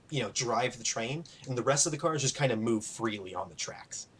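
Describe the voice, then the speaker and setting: A man running a tabletop game as game master, narrating and explaining in a relaxed way with many fillers. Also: medium pitch, breathy edge.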